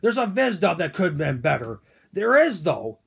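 A man's voice: sits high, big pitch swings, moderate pace, vocal fry, husky, full character voice. A man voicing Toad as a grumpy, whiny male figure in a fan-made cartoon, ranting with indignant questions.

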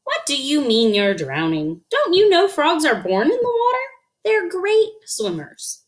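A woman's voice: high-pitched, huge pitch swings, a little slow, pitched above the performer's own voice, full character voice. A woman voicing a patient, cheerful mother frog coaxing her son, in a storybook read-aloud. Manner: bright, coaxing, sing-song.

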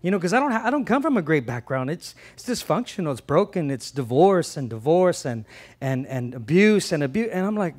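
A man preaching a sermon as a pastor, conversational and animated, often repeating words and swinging between loud emphasis and soft asides. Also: fairly high pitch, a little fast.

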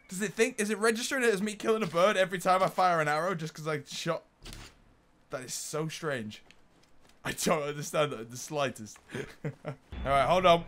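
A young man giving excitable gameplay commentary, yelling at enemies and laughing as he plays. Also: high voice. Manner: excitable, swears mildly, often laughs and yells at enemies. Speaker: gaming YouTuber.

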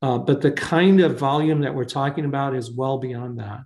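A man's voice: mid-range voice, steady tone, normal speed, darkish tone. A man leading a staff meeting over a video call, thinking aloud with fillers. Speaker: meeting leader. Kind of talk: online staff meeting discussion.

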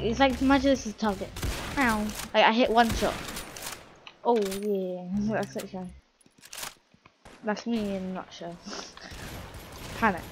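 Chatty woman over loud game gunfire. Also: mid-range voice, background noise. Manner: rambling, self-mocking chatter to opponents. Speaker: gameplay commentator. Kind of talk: casual game commentary. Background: game gunfire and sound effects.

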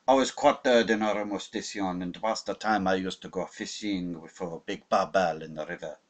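A man voicing a wise older French officer who speaks slowly and tells a tale in a measured way. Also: on the low side, close to an everyday voice. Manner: slow, measured storytelling.

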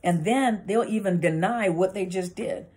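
A woman's voice: mid-range voice, moderate pace, a little mellow, slightly rough. A woman, a counselor, talking casually to viewers and explaining while she acts out quoted arguments in exaggerated voices. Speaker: counselor and channel host. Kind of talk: casual educational talk to camera.

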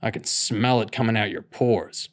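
A gruff, grumbling old man in a storybook reading, put on by a male narrator. He talks low and keeps his voice down, clipped and impatient. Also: fairly even intonation, moderate pace, lightly acted.

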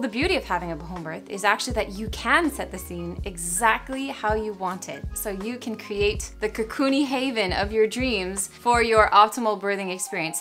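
A woman's voice: mid-range voice, fairly bright tone. A young pregnant woman chatting casually to camera about things she loves, bubbly and gushing, a little out of breath, with frequent laughs. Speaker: vlogger. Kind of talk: casual product chat to camera.

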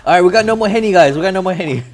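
A man streaming live, loud and joking, laughing often and a little tipsy from drinking. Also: high voice, racing, over music. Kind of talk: casual live-stream chat.

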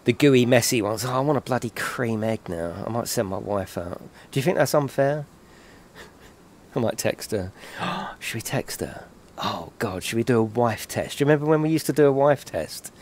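A mid-range, slightly mellow voice at moderate pace belongs to an English live-streamer, with a little hiss or hum on the audio. Speaking British English, he jokes, swears and laughs with his audience as he plays.

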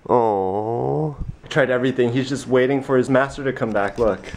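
A man's voice: medium pitch, steady tone, quick pace, slight background noise. A young man vlogging casually, joking and talking to his dog in a playful baby-talk voice. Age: young adult. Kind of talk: casual vlog chat.

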